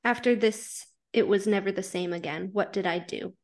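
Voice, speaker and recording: A woman reading aloud the lines of a shy, tender young woman from a fanfiction story, in soft, earnest dialogue. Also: mid-range voice, normal speed, lightly acted.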